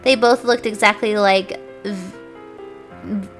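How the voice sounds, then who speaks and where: A woman's voice: medium pitch, steady tone, slow pace, faint music behind. Brief: young female streamer, mock-dramatic reading, casual asides, trips over words. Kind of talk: reading a fanfic aloud on stream.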